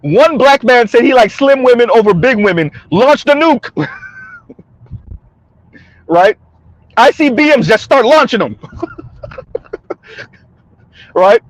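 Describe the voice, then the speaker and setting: A man hosts a casual commentary vlog, speaking mockingly straight to his viewers, laughing often and asking "right?" again and again. His voice is very high-pitched and expressive, slow and full of pauses, in a dry recording.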